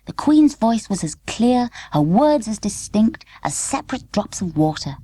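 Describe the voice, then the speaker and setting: A woman narrating a children's story in a lively, expressive storybook manner. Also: mid-range voice, measured pace, hardly any pauses, husky, no room sound. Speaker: audiobook narrator.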